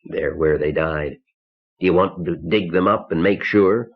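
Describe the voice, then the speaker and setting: Male reader doing a tormented man for an audiobook, cracked, savage voice, deep, muffled cassette sound. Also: unhurried. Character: anguished grieving middle-aged man, savage and broken. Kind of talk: audiobook character voice. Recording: dull lo-fi cassette tape.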